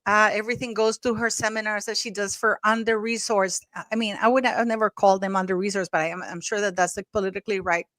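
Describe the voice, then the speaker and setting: A woman's voice: mid-range voice, steady tone, quick pace, few pauses, fairly bright tone, dry recording. A woman co-hosting a live stream in casual chat. She thanks viewers often and laughs easily.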